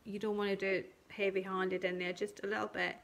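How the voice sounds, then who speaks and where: On a live stream, a woman craft tutor teaches colouring and shading, talking gently step by step and thanking viewers by name. Her medium-pitched voice is brisk and creaky, with little pitch movement.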